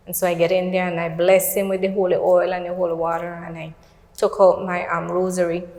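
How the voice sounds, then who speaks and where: A woman's voice: fairly low pitch, completely flat delivery, brisk, darkish tone, roomy sound, big-room sound. A middle-aged woman with a Belizean accent telling a personal faith testimony on a talk show, recounting events through quoted dialogue. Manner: earnest, storytelling with quoted dialogue. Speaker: guest.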